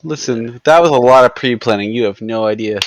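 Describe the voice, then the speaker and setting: A man hosting a casual chat with friends, talking in an animated way with lots of filler words. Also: mid-range voice, a little fast, a crowd in the background. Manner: animated, many "like" and "you know" fillers. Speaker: stream host.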